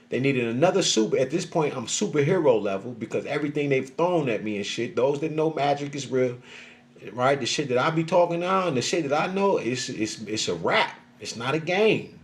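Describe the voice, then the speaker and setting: A middle-aged man venting in a casual, profane monologue, often acting out what other people said to him. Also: medium pitch. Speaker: social media creator.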